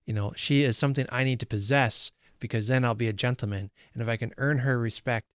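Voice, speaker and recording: A man's voice: medium pitch, steady tone, fast, clean tone, dry recording, clean studio sound. A man hosting a book read-along, talking casually about a novel with many fillers. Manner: conversational, frequent fillers and restarts. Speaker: book channel host.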